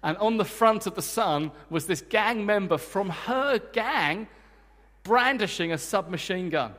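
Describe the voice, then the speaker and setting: Male preacher, lively and joking, high voice, long hall reverb. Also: unhurried. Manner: energetic, emphatic, joking with the congregation. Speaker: guest preacher. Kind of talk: sermon. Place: church hall.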